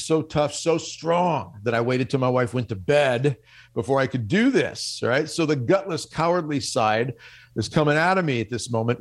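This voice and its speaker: A man on a radio show telling a self-mocking personal story in an animated way. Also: medium pitch. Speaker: guest speaker on spiritual life.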